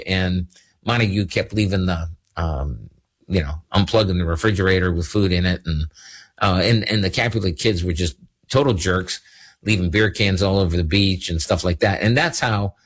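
Rambling, jokey male radio host. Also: sits low. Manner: rambling, jokey, many fillers. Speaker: radio show host and attorney. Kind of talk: casual radio talk.

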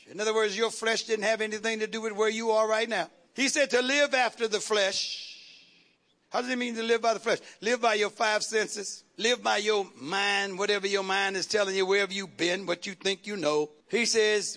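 A man's voice: sits high, moderate pace, bright, forceful tone. A man preaching a fervent sermon, calling out to the congregation and asking for responses.

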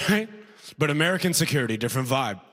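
This Albertan comic, a man from Canada, does a stand-up set before a live audience at a comedy festival, chatting conversationally and repeatedly adding "right?" His mid-range voice is fast, a bit bright and lively in intonation, with a long reverb tail and a little hiss or hum in the recording.

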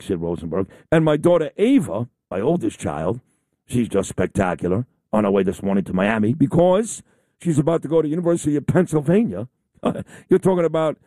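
Lively, mellow-voiced talk radio man. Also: on the high side, dry recording. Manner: boastful, rambling storyteller. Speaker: radio talk show host. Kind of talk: casual on-air chat.

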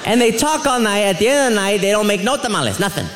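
Animated stand-up comic man, lively crowd. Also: high-pitched, fast. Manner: animated, laughing, acts out family members. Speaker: stand-up comedian. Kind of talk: stand-up comedy routine. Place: comedy club stage. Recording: live club with audience laughter and crowd noise.

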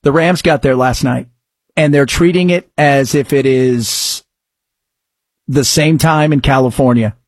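A man's voice: mid-range voice, unhurried, no room sound. A man hosting a radio talk show, chatting casually and jokingly about sports and news. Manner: chatty, rambling, jokey.

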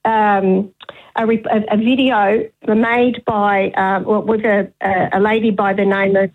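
A woman rings in to talkback radio, earnest and a little halting as she searches for words. Her voice comes through a thin, tinny phone line. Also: medium pitch, little pitch movement. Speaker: caller. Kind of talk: talkback call.

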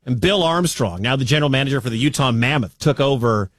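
A man from the American Midwest hosting a sports talk radio show, talking in an animated, incredulous way with quick asides. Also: medium pitch, no echo. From Midwestern United States.

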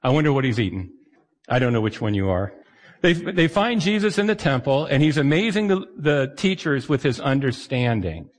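A man preaching a sermon as pastor, conversational and animated, sometimes acting out the voices of the people he quotes. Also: on the high side, normal speed. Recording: long hall reverb.

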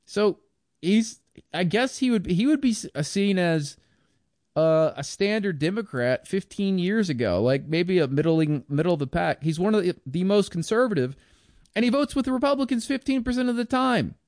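A man's voice: sits high, lively intonation, normal speed, darkish tone, dry recording, clean studio sound. A man giving a blunt, scornful, rambling political commentary monologue.

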